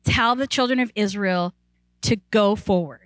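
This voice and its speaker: In a rough recording without room sound, a woman pastor delivers her sermon at a moderate pace. She's animated and conversational, frequently saying "like," restarting sentences, and rising in pitch and volume when excited.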